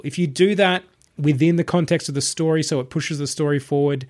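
A man's voice: on the high side, brisk, darkish tone. A man co-hosting a film podcast, chatting casually and animatedly, swearing freely. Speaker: podcast co-host. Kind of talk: casual chat reviewing a film.

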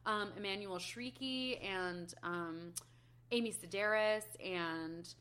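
A woman's voice: mid-range voice, slow, a bit bright. A woman co-hosting a podcast in casual chat, upbeat and peppered with ums. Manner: chatty, upbeat, frequent ums. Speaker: podcast co-host.

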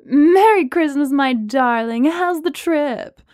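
A bossy booming mom, as a woman reads her. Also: lively intonation, a little slow, darkish tone, no room sound, clean studio sound. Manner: commanding, fussy. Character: bossy booming mother on phone.

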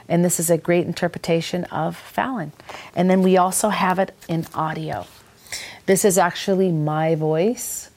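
A woman's voice: on the low side, a little mellow. A woman with a Minnesota accent hosting a faith-based talk show, speaking in an earnest, enthusiastic, preacherly way. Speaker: ministry talk show host.

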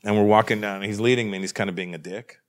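A comedian from Canada telling a story in a hotel room, acting out the other people in it. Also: male voice, fairly low pitch, very fast. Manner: animated, acts out voices in his story. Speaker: comedian guest. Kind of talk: storytelling anecdote.

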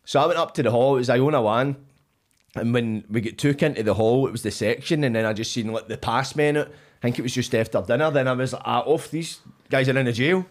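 A Scottish man swaps stories on a podcast, talking quickly at a mid-range pitch. He is animated and swears freely, acting out his own past lines as he goes. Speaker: podcast guest. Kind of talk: casual storytelling chat.

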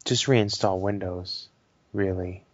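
A man with a lowish voice co-hosting a casual tech podcast, swearing freely and acting out stories for laughs. The sound is dry and a little muffled. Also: steady tone, takes it slowly, no room sound. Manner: profane, joking, acts out anecdotes. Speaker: podcast co-host. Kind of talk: casual tech news chat.

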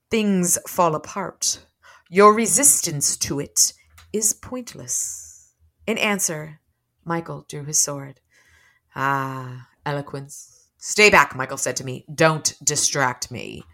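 On a book podcast she co-hosts, a woman with a medium-pitched, sharp-toned voice goes over the plot. She also reads dialogue aloud, giving the characters light shifts in delivery.

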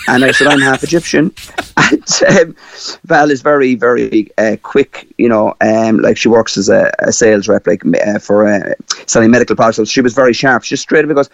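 A man from Ireland with a Cork accent, a guest telling a personal story in a lively way with many fillers. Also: mid-range voice, fairly quick, vocal fry, no room sound. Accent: Cork Irish.

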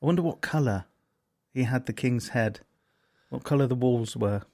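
A West Country man co-hosting a podcast, chatting in a dry, teasing manner. His voice has a gravelly, fry-edged texture at a middling pitch. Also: normal speed, a little mellow. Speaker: podcast co-host. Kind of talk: casual comedy podcast banter.

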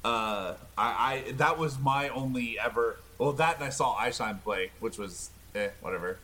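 A man's voice: mid-range voice, moderate pace, sharp tone. A man casually telling a rambling story, laughing often. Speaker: podcast co-host.

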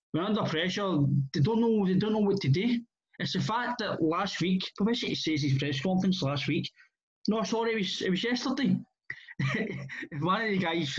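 A Scottish man in casual football chat, blunt and rambling, swearing freely with many restarts. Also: high-pitched. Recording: muffled lo-fi audio.

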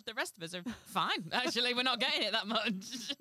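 A woman's voice: fairly high pitch, lively intonation, a little fast, pushed and bright, no echo. A woman co-hosting a comedy podcast, chatting and laughing as she reads a fairy tale aloud. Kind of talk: casual chat and storybook reading.

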